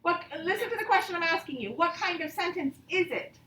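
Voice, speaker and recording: A woman teacher leads a grammar lesson for young children. Her voice sits high and patient, and she stretches out example sentences with exaggerated expression. She sounds a bit distant from the mic, in an echoey room. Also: lively intonation, fairly quick, pushed and bright, a little hiss or hum.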